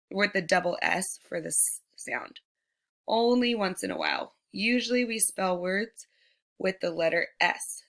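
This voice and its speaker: A woman teacher giving a recorded phonics lesson to young children, sounding out words slowly and speaking to them directly. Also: medium pitch, fairly bright tone. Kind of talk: slow, deliberate remote phonics lesson.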